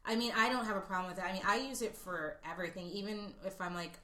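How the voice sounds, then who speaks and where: A woman's voice: medium pitch, fast talker, bright, forceful tone, reverberant. A woman in casual chat, chatty and self-mocking, filling her talk with "like".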